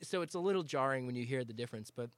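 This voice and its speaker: A man's voice: mid-range voice, expressive, rapid-fire, clean tone, no echo. A young man in casual chat, easygoing and explaining his points.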